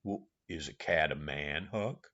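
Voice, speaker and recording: A man's voice: very deep voice, a little slow, bright, forceful tone, slightly rough, dull audio, voice pushed down, exaggerated voice. A man voicing an uneducated, stubborn older man with a heavy rural Southern US dialect, drawling and dogged in argument.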